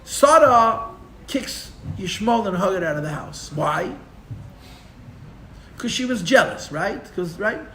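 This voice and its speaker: A man teaching a live Torah class as a rabbi, telling the story with animated, sarcastic humor and mixing in Hebrew and Yiddish terms. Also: high voice, slow pace, pauses often, roomy sound, slight background noise. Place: room for a live-streamed class.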